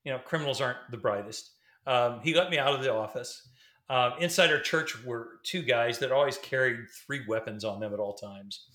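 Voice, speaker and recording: Speaking at a moderate pace in a mid-range, fairly bright voice, a middle-aged former pastor tells a casual story. He rambles, uses fillers and restarts, and laughs between sentences, all in a roomy, echoing recording.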